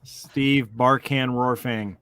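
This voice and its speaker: A man's voice: medium pitch, steady tone, slow, fairly bright tone, clean tone, dry recording, clean studio sound. A man hosting a podcast, steering a casual chat with questions. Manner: friendly, steers the talk with questions. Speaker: podcast host.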